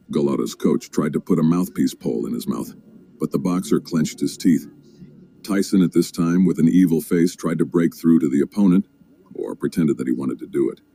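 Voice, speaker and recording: Deep dark-voiced male narrator. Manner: steady, measured storytelling with occasional fillers. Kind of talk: documentary narration.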